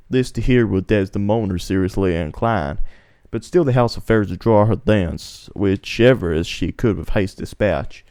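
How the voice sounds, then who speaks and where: A man's voice: lowish voice, normal speed, few pauses, darkish tone, clean tone, no room sound, studio quality. A man voicing a grave noble soldier telling his story in a comic script reading, stumbling over some words. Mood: measured.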